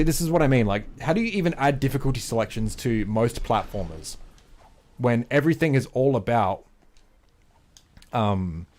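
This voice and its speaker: A man's voice: mid-range voice, a little mellow, a little hiss or hum. Rambling, opinionated male game streamer. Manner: rambling, opinionated, swears, many fillers. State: out of breath. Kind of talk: casual gaming livestream chat.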